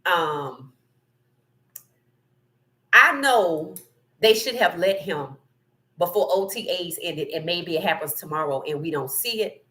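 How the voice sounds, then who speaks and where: A woman hosting a casual sports talk livestream, reading chat comments and giving animated, opinionated takes with frequent laughter. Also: fairly low pitch, slow, pauses often.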